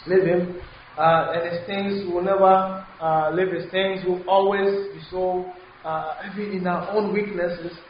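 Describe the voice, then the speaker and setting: High-voiced preacher in an echoey hall. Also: male voice. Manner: halting, with many fillers and restarts. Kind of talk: sermon with interpretation into Twi. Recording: very echoey hall, dull lo-fi sound, faint hiss.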